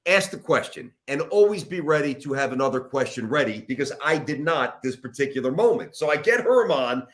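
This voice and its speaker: A man's voice: medium pitch, a little fast. A middle-aged man, a sports radio host, telling a long story as a guest in a podcast interview, rambling and poking fun at himself. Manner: animated, rambling, self-mocking storyteller.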